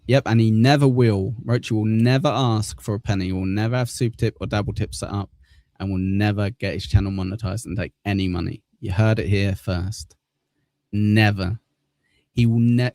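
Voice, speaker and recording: Low, mellow-voiced English stream host. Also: male voice, no echo. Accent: Mancunian. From southern England. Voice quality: swears often, laughs at himself. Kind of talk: casual live-stream chat.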